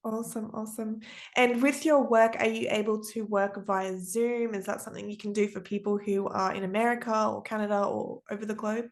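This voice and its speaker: A woman's voice: mid-range voice, fairly even intonation, a little fast. A woman hosting a podcast, speaking earnestly and upbeat in a casual interview. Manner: earnest, upbeat, uses fillers. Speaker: podcast host.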